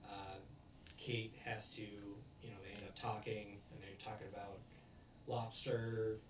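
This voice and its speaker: A man casually recapping a movie plot, rambling with lots of fillers and mock-yelling at the characters. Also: on the low side, a little hiss or hum. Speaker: movie reviewer.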